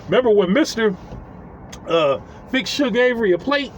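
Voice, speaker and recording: A man telling a casual, profane story, animated and chuckling as he acts out what people said. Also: sits high, moderate pace, dull audio, a little hiss or hum.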